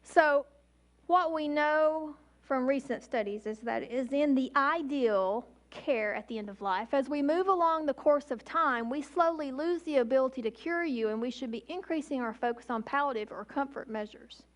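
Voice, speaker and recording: With a high-pitched voice, a forties-aged woman who works as an emergency physician speaks emphatically to the public, taking slow, purposeful pauses.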